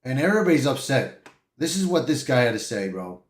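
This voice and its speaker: A man's voice: medium pitch, big pitch swings, a little fast, echoey room. A man hosting a live-stream reaction, talking emotionally and emphatically and repeating himself. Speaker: channel host.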